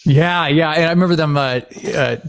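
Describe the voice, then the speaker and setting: A man's voice: on the high side, a little fast, smooth. A man co-hosting a podcast, telling family stories in a casual chat and laughing often. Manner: animated storytelling, laughs often. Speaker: podcast co-host.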